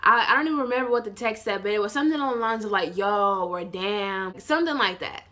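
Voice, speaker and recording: A nineteen-year-old woman tells a casual storytime, rambling with lots of "like" and swearing, and acts out other people in lower, softer voices. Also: expressive, quick pace. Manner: rambling, heavy use of "like", swearing. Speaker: vlogger.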